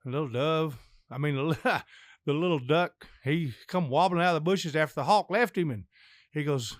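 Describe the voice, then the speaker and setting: A man's voice: on the high side, normal speed, dry recording, clean studio sound. An older man, a podcast guest, telling long folksy jokes in a rambling storyteller's way.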